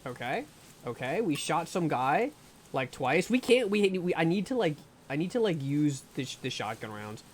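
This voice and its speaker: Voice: medium pitch, very animated, moderate pace. A live streamer giving gameplay commentary, talking to viewers, nervously narrating each move, swearing and pleading over and over with anxious laughs.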